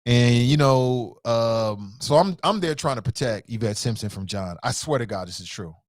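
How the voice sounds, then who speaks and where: A man's voice: medium pitch, animated, moderate pace, no room sound, clean studio sound. A man hosting a talk show, telling a story in a casual, jokey way and acting out the quotes with voices. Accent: American.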